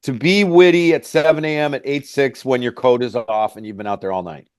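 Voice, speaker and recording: A man's voice: medium pitch, brisk, clean tone, no echo. A middle-aged man, a mountain guide, telling a story in a casual, rambling way with lots of "like" and "hey, man".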